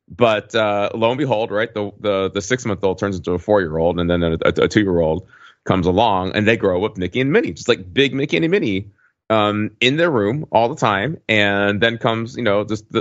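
Rambling man in his forties, low-pitched. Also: normal speed, dry recording, dull audio. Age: 40s. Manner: rambling, heavy with fillers and restarts. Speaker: podcast host. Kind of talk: casual chat.

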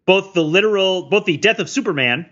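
Guy with a bright sharp voice, kinda dull lo-fi sound, joking through his notes. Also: sits high, lively intonation, brisk. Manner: jokey, talks through a prepared list. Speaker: podcast co-host. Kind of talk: casual chat.

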